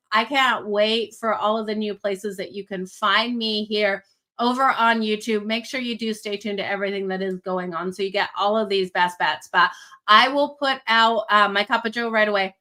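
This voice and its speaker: A bright, clear-toned woman hosting a live sports picks stream, speaking with a Canadian accent that still lets slip Australian vowels. She talks to her viewers in a chatty, upbeat way, giving shout-outs and reminders. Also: mid-range voice. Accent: Canadian with Australian traces. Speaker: sports betting host.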